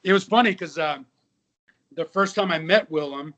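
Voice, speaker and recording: Guest: 50s male actor, slightly higher voice, animated storyteller who acts out quotes. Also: normal speed, highs cut off. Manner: lively anecdotes with quoted dialogue. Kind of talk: casual interview storytelling.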